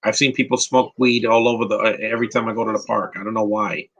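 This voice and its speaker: A man from New York runs a live film commentary podcast with a bright, tense voice. He rambles from one opinionated take to the next, often restarts his sentences, and answers chat questions as they come in. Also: fairly low pitch, little pitch movement, fast, breathy edge, highs cut off. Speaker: podcast host.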